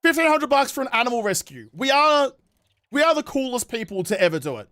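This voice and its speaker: A young Australian man chats through a gaming stream in a high voice. He sounds worn out and tired, but keeps up a jokey, self-mocking patter. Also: sing-song, a little fast, pushed and bright. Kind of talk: casual live-stream chat.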